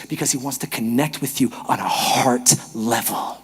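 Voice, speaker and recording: An animated male pastor preaches with a high, bright voice and tells humorous stories. He swings between loud bursts and near-whispers. A long hall reverb surrounds him. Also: fairly quick, hardly any pauses, slightly rough. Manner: animated, humorous storytelling, shifts from shouting to whispering. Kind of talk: sermon. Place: church auditorium.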